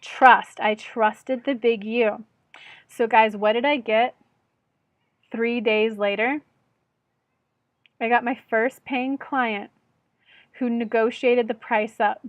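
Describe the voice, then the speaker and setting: A woman with a high voice tells a personal story straight to her viewers, chatty and candid, poking fun at herself. She speaks as an intuitive channel and life coach, recorded dry and close with no room sound. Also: steady tone, slow, long pauses, no room sound, highs cut off. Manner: chatty, candid, self-deprecating, often calls viewers "guys". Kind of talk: storytelling vlog addressed to viewers.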